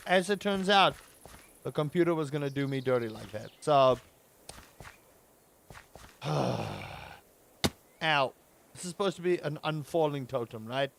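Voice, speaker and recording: Streamer: South African man, slightly high voice, chatty and ranty. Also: normal speed, vocal fry, long pauses, a little hiss or hum. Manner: chatty, ranting, playful exaggeration. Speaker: live streamer. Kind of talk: casual live game-stream chat.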